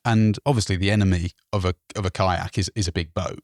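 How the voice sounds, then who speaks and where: A man from England telling a travel story on a podcast, animated and laughing, swearing now and then. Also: deep voice, fast talker, no room sound, clean studio sound. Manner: animated, laughing, swears, puts on voices for others.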